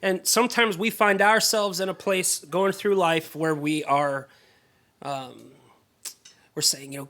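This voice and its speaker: A man preaching a sermon, telling the story in a casual, lively way and acting out the characters' voices. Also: high-pitched, measured pace. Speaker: pastor.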